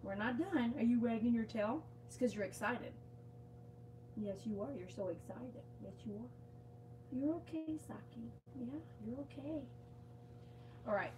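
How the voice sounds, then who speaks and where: Chatty, coaxing woman groomer, high voice. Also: moderate pace, noisy background. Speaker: dog groomer. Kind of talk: live-streamed grooming demonstration. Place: outdoors.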